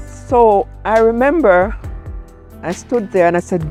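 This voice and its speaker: A woman's voice: medium pitch, lively intonation, measured pace, a little mellow, soft background music. A middle-aged woman telling her personal story as an interview guest, heartfelt and emotional, acting out what she said at the time. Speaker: guest, cancer survivor. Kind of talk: personal testimony.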